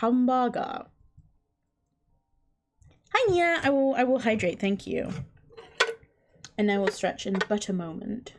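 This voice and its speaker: A woman's voice: mid-range voice, moderate pace, creaky, pauses often. A woman livestreamer chatting casually, incredulous and chatty, swearing often. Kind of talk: casual stream chat.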